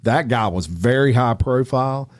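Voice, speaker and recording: A man's voice: mid-range voice, moderate pace, dry recording, studio quality. A man co-hosting a crime podcast, speaking firmly in a casual chat. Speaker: podcast co-host.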